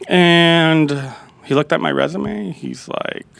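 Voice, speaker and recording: Podcastgast: ontspannen man met een rasperige, krakende stem, vertelt uitgebreid. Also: a little high, slow pace, fairly bright tone. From Calexico and Mexicali area. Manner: rambling, laid-back, full of fillers and quoted dialogue. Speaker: executive chef, podcast guest. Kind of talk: casual storytelling interview.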